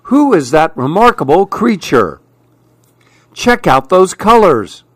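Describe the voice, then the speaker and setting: A man voicing a startled female parrot with shrill, squawking exclamations in a storybook. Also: sing-song, slow pace, no echo, studio quality, heavily acted. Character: shrieking startled parrot, a small female bird.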